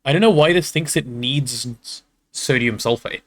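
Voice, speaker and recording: A man chatting casually while playing on a game stream, talking to his chat and thinking out loud. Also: mid-range voice, normal speed.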